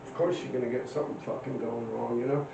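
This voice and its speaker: A man in his fifties, an interview guest, tells stories in a casual, profane, rambling street style, his mid-range voice steady, quick, dark, and fry-laden. The lo-fi recording is roomy, distant, and dull, with a little hiss or hum.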